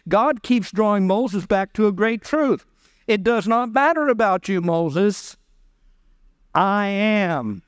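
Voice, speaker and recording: Male pastor, sermon delivery, high clear voice, dry close sound. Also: dry recording. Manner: preaching, acting out the voices of God and Moses. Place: church.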